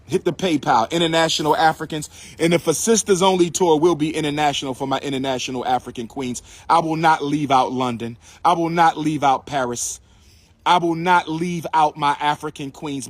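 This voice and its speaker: Husky-voiced man preaching to viewers. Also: a little high, no echo. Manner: preachy, repetitive, call-and-response with viewers. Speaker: livestream host and lecturer. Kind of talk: live-streamed talk to viewers.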